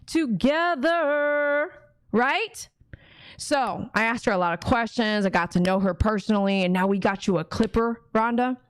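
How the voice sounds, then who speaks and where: A woman's voice: medium pitch, fairly quick, hardly any pauses, no room sound. A woman dog groomer talks to her livestream viewers in a loose, rambling way and keeps acting out conversations. Her voice sits in an ordinary middle range. It is recorded close and dry, with no room sound. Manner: chatty, rambling, acts out conversations. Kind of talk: casual livestream chat.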